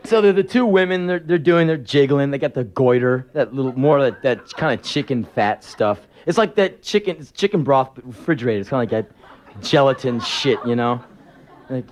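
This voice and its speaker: A man's voice: medium pitch, darkish tone. A man telling sarcastic, profane anecdotes in a live spoken word performance.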